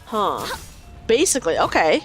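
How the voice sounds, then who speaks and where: Woman, game streamer, animated pitch, chatty, soft music behind. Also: normal speed. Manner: chatty, reacts aloud and reads lines in character. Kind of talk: gaming stream, reading dialogue aloud.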